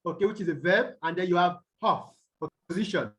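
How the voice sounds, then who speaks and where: Talking fast in a high-pitched voice, this English tutor from Nigeria runs an online lesson on stress rules through a video call. He repeatedly checks in with "okay?" and "the what?" while questioning the class, in low-quality audio.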